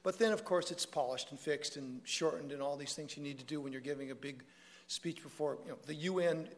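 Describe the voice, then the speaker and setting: A man's voice: fairly high pitch, a little fast. A man giving a public talk to an audience, conversational and prone to joking asides and self-corrections. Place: lecture hall with an audience. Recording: long reverb of a large hall.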